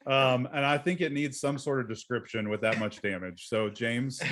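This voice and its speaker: Man, game master, medium voice, chatty, halting, laughing. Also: mid-range voice, fairly even intonation, noisy background. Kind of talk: narrating a tabletop game.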